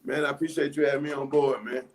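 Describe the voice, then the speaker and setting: A man's voice: medium pitch, little pitch movement, fast talker, a crowd in the background. A man co-hosting a casual talk show, bantering playfully and joking with slang. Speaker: show co-host. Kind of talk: casual show sign-off chat.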